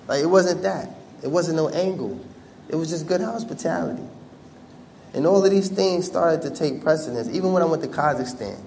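A man's voice: fairly high pitch, moderate pace, slight background noise. A man telling a humorous story to an audience, talking conversationally with many fillers and acting out other people's voices. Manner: animated, humorous, acts out quoted voices. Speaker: speaker addressing an audience. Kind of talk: storytelling talk.

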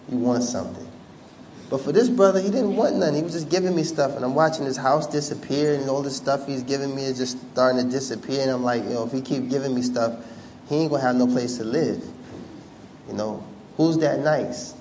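Speaking fast in a mid-range voice over slight background noise, a man entertains an audience with a humorous tale. His storytelling is lively and chatty, full of fillers, and he performs the quoted voices of other people.

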